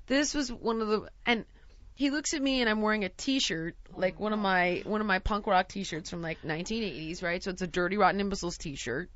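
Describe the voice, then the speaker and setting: A woman's voice: medium pitch, a little fast, fairly bright tone, muffled recording. A woman in her forties telling a comic story about her own life, acting out the people in it with self-mocking animation. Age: 40s. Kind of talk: comedic storytelling.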